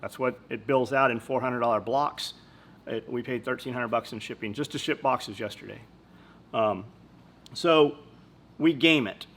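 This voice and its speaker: A man's voice: mid-range voice, moderate pace, creaky, fairly bright tone. A man hosting a podcast, telling rambling business anecdotes in blunt, casual talk full of swearing. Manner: blunt and profane, swears freely. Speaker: company owner and podcast host. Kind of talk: casual storytelling chat.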